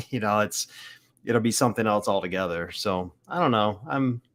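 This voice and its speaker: Man, fairly low voice, podcast co-host, casual, chatty, self-deprecating. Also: moderate pace, fairly bright tone. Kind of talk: casual chat.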